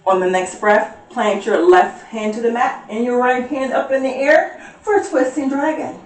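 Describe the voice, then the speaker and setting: A woman leading a yoga class, playful and giggly as she calls out each breath and pose. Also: fairly high pitch. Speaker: yoga instructor. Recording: roomy echo, voice from a distance.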